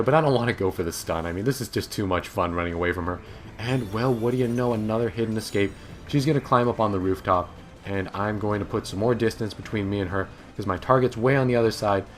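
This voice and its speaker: A man's voice: lowish voice, a little hiss or hum. A young man giving amused, sarcastic voice-over commentary on his own video game match, recorded in a home office. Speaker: gaming commentator.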